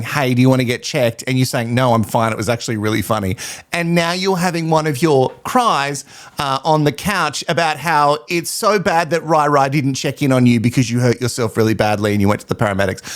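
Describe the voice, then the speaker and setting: Animated sarcastic man. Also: medium pitch. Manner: sarcastic, laughs often, animated. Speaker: reality TV recap host. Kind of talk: casual reaction commentary.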